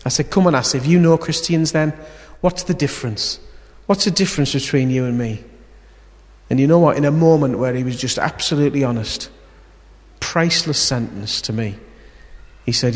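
A man preaching a sermon, telling a story and swinging between loud emphasis and quiet, intimate moments. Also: mid-range voice, normal speed. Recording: long hall reverb.

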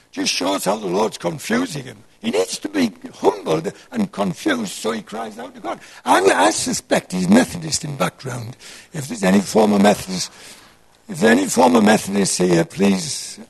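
Old guy preaching, super gravelly and high voice, wanders off topic, keeps asking the crowd questions. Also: poor audio. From North East England. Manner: digressive, asks the audience questions. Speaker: Christian speaker. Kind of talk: rambling sermon talk to an audience.

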